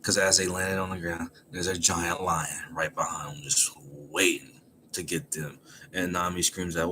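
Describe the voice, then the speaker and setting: A man with a low voice recaps a comic chapter in a loose, casual way. He is animated and laughs often as he tells the story. A faint hum of ambience sits behind him. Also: measured pace. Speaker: manga chapter reviewer.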